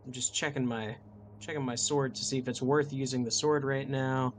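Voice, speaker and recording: A man's voice: mid-range voice, flat delivery, moderate pace, a little hiss or hum. A young man playing in a tabletop game, thinking aloud with many ums and restarts as he weighs his moves. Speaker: player. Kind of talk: casual chat at a tabletop game.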